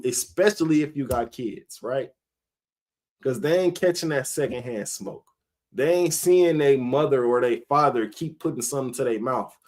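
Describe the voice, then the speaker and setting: Male street preacher, middle pitch, loose conversational delivery with frequent laughs. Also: darkish tone. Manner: rambling, conversational, laughs often. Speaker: member of a street religious group. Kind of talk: casual preaching talk.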